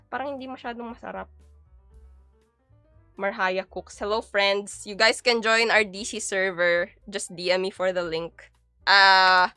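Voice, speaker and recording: Her medium-pitched voice is bright, forceful, and clean as this young Filipina, speaking with a Filipino accent, cooks live and chats, reading and answering viewer comments in a blend of Tagalog and English. The audio is close and dry with no echo and faint background music.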